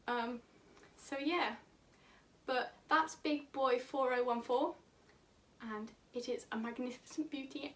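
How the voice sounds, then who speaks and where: High-voiced woman excitedly infodumping, chatty, a bit far from the mic. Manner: animated, chatty, laughs as she talks. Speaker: vlogger. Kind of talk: enthusiastic casual infodump.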